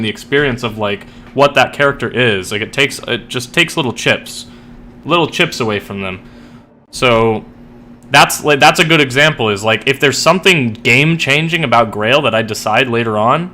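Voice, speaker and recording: A man's voice: mid-range voice, pushed and bright. A young man streaming and chatting casually about his writing, rambling with lots of fillers and frequent swearing. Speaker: streamer and writer. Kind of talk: casual chat while gaming.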